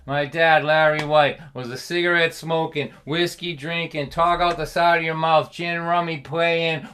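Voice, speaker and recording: Animated Boston storyteller, bright voice. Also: male voice, a little high. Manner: animated, punchy comic delivery with self-amused laughs. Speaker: folk singer and storyteller. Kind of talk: comic storytelling on a livestream.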